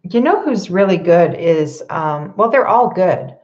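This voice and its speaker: A woman's voice: fairly low pitch, expressive, a little slow, a little mellow, lo-fi sound. A woman healer doing a live card reading, advising viewers in a conversational way, often checking in with "okay?" and laughing lightly. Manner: laughs lightly between points.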